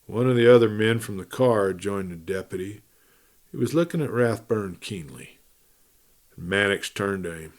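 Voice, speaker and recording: A man hosting a storytelling show, reading a western novel aloud in steady, measured narration. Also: fairly low pitch. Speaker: storyteller host.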